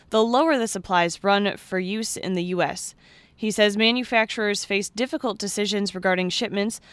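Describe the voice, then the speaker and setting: A woman anchoring a radio farm news program, reading the stories in a steady, measured way. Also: medium pitch, clear, resonant tone, dry recording. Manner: steady, measured newsreader delivery.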